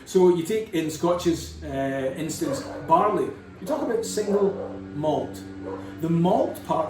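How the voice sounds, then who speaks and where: A man's voice: a little high, unhurried, darkish tone, a little hiss or hum. Chatty man explaining in a roomy echo. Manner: chatty, digressive, with playful asides. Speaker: whisky educator. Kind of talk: casual explanatory lesson. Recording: roomy, distant from the mic.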